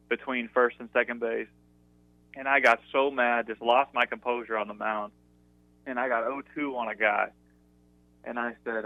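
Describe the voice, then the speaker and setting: A young man, a former college pitcher, telling stories as an interview guest in a chatty way, full of fillers and laughter. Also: dry recording. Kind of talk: casual interview storytelling. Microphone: phone call. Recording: dry tinny phone line.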